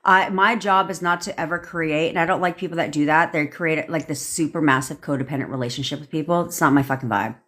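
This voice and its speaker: A woman's voice: low-pitched, fast talker, hardly any pauses. A woman, coaching on a live stream and answering viewer comments. She talks bluntly and profanely, with lots of asides. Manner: blunt, profane and animated, with frequent laughs and asides. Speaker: manifestation coach.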